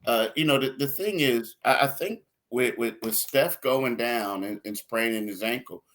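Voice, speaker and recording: A sports podcast co-host talks loosely and ramblingly, repeating words and laughing now and then. His mid-range voice is a bit bright and at normal speed.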